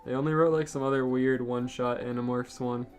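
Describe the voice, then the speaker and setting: A man's voice: mid-range voice, fairly even intonation, a little fast, darkish tone, soft background music. Wry, offhand podcast co-host man. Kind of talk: casual comedic chat and reading.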